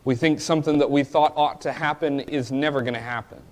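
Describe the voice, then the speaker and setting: A male preacher giving a sermon, rising to pleading cries and then dropping to quiet, reflective asides. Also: fairly high pitch, fairly even intonation, brisk.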